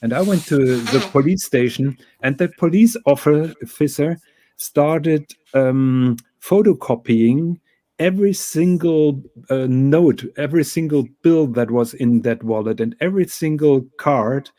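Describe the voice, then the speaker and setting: Mellow-voiced man, hesitant speech. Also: on the high side, a little slow. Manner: hesitant, repeats words often. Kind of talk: casual chat.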